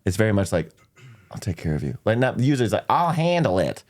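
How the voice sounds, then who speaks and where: A man from Texas with a Southern American accent, chatting casually as a comedian guest on a podcast, animated and quick to laugh. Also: fairly low pitch. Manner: animated, laughs often, slips into quick voices.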